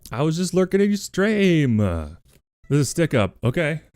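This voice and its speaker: A man's voice: a little high, big pitch swings, measured pace, a little mellow, no room sound. A male streamer in casual livestream chat, playful and casually swearing, cooing at his pets while he talks to viewers on a close desk mic.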